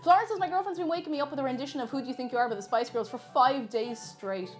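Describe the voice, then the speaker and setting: A woman's voice: high-pitched, very fast, faint music behind. An Irish woman live-streaming from her kitchen while baking, chatting casually, reading viewers' messages aloud and laughing often.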